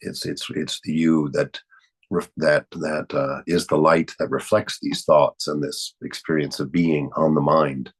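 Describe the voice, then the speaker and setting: A man with a Southern accent leads a spiritual study session in a very low voice. He is hoarse from a chest cold, so his voice comes out raspy. He talks in a halting way, repeats words and chuckles often. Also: little pitch movement. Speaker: spiritual study group leader. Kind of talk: casual spiritual teaching talk.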